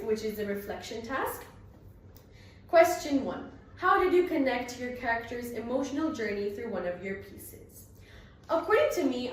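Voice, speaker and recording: Teenage girl, drama exam candidate, earnest, rehearsed, fairly high voice, very echoey, recorded from a distance. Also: a little hiss or hum. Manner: earnest, rehearsed, with frequent ums. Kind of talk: exam recitation and spoken reflection.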